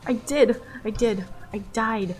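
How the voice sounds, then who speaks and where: A woman's voice: a little high, slow, a little mellow, pitched above the performer's own voice. A woman voicing a frightened, panicky young male demon in a comic read-along, pleading and upset. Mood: panicked. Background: faint background music.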